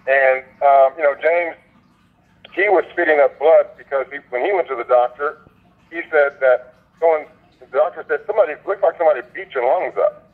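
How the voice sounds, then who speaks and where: A man hosts a conference call in a fervent, preacher-like manner, repeating his points for emphasis. His voice is fairly high for a man. It comes through a thin, phone-like line. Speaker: host of a sales conference call. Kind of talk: motivational preaching.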